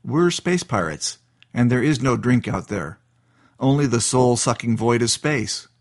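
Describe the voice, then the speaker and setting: A man's voice: medium pitch, expressive, unhurried. A man voicing a prim, politely pedantic male first mate on a space pirate ship. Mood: correcting.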